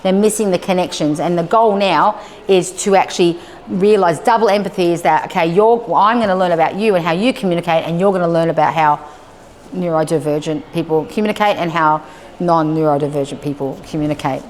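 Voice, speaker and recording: A woman giving a live talk to homeschool families, a lively storyteller who acts out conversations and checks in with her listeners. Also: on the low side, brisk. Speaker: presenter. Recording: long hall reverb with faint noise.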